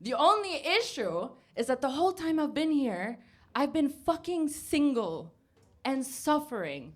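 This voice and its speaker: A woman doing stand-up in a basement comedy club, with a fairly high voice. She talks in a brash, sarcastic way and swears freely. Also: very animated, measured pace. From United States. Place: basement comedy club before a live audience.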